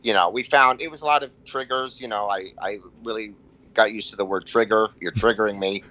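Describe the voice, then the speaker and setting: A man guesting on a comedy podcast, rambling and halting in casual chat, with frequent restarts and self-mocking asides. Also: lowish voice, fairly even intonation, pushed and bright, dull audio.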